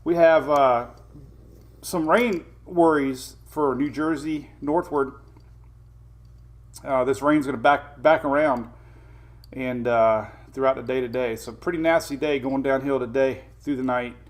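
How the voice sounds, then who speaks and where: A man's voice: mid-range voice, measured pace. A middle-aged man hosting a casual morning weather livestream, chatting with viewers, greeting them by name and chuckling often.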